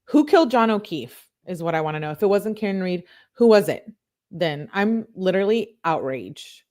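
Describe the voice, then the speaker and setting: A woman hosting a livestream, reacting to a court hearing with outraged, rapid-fire rhetorical questions and swearing. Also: mid-range voice, lively intonation, dark tone. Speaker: livestream host. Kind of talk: live reaction commentary.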